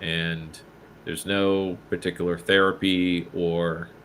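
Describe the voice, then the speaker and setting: A man casually telling a story on a podcast, animated and swearing, acting out the people he quotes. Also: low-pitched, slow. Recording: faint background noise.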